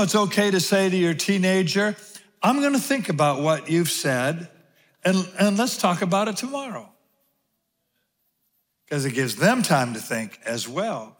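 A high-pitched male pastor preaching slowly and deliberately, leaning on repeated phrases to drive his points home. His voice carries a long reverb from a large hall. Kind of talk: sermon. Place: large room with audience.

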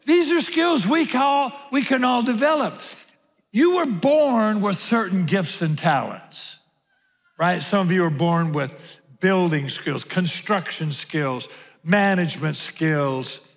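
High-voiced male preacher in a hall. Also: animated. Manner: repeats key phrases slowly for emphasis. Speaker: pastor. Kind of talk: sermon. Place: large room with audience.

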